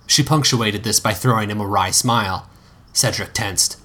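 A man's voice: on the low side, moderate pace, bright, forceful tone. A man narrating a story aloud, reading steadily with occasional slips and restarts.

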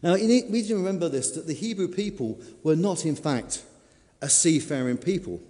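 A man preaches in a storytelling way, leaning hard on his words and then easing off. His voice is mellow and a little higher than usual for a man. It rings out with a long reverb, like in a big hall. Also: expressive, a little fast. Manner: storytelling, dramatic, varied emphasis. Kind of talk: sermon.

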